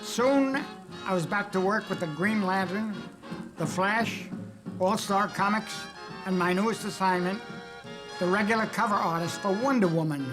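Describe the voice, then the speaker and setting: A man's voice: high-pitched, moderate pace, over music. Older man telling wry career stories. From United States. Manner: wry, anecdotal storytelling with dry jokes. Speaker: cartoonist recalling his career. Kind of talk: documentary interview narration.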